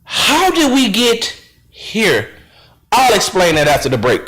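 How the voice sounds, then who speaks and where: Fiery high-voiced male radio host. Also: wildly swooping pitch, a little slow, a bit bright, roomy sound, rough recording. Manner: fiery, rhetorical, repeats phrases for emphasis. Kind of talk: impassioned radio commentary. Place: radio studio.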